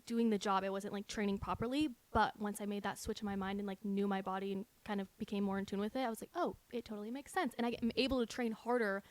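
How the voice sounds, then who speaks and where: Brief: young woman podcast co-host, casual and animated, lots of "like". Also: mid-range voice, quick pace, hardly any pauses, no echo. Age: young adult. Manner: chatty, animated, laughs often, heavy use of "like". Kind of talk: casual chat.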